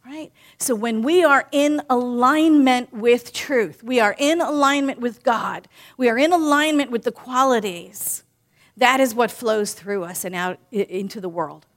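A woman giving a sermon in a warm, conversational way, often asking "right?" and slowly repeating key lines for emphasis. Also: a little high. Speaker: minister.

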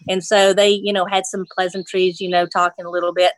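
A woman's voice: on the low side, little pitch movement, fairly quick, dry recording. A woman from Nashville, a fly fishing instructor, telling a fishing story in casual chat, laughing often and acting out the voices she quotes. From Nashville, Tennessee.

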